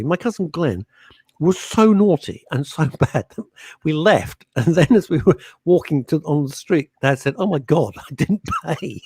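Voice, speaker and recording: A man's voice: fairly high pitch, vocal fry, mellow, breathy edge, no echo, studio quality. A man co-hosting a radio show, telling rambling stories with a lot of laughter. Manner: laughing, chatty storyteller. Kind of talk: casual radio chat. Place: radio studio.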